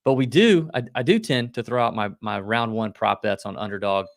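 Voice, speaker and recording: A man with a low, gravelly voice co-hosts a golf betting show. He talks quickly and loosely and cracks jokes. The sound is dry and close, with no room around it. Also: no room sound. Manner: quick, loose, joking delivery. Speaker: podcast co-host. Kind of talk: casual golf betting chat.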